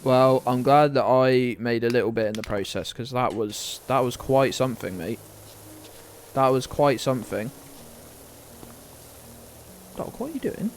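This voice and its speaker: A man's voice: medium pitch, normal speed, a little hiss or hum. A British man chatting casually on a live game stream, rambling, laughing often and talking to his dog. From United Kingdom.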